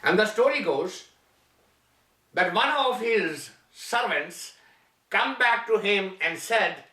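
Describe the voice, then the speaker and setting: A man delivering a spiritual talk, telling a parable slowly and deliberately with long pauses. His voice sits high for a man and rings bright. The sound is echoey and set back from the mic. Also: animated. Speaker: spiritual teacher. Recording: echoey room from far off.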